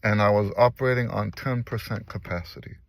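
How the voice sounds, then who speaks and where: A man's voice: fairly low pitch, fairly quick, gravelly, no room sound. An older man, talking in a casual personal vlog and speaking earnestly, repeating phrases for emphasis. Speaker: vlogger and musician. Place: in a car.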